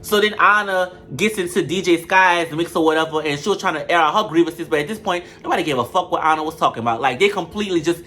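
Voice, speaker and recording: A man's voice: on the high side, fast, few pauses, pushed and bright. A man giving casual, profane, sassy commentary in a reality-show review. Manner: blunt, profane, sassy trash talk.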